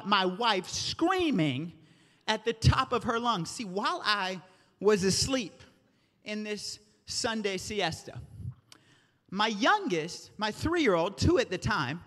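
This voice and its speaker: High-voiced, animated preacher in a hall. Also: male voice. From American South. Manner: animated storytelling, preacherly call-outs. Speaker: pastor. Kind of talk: sermon. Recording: reverberant hall.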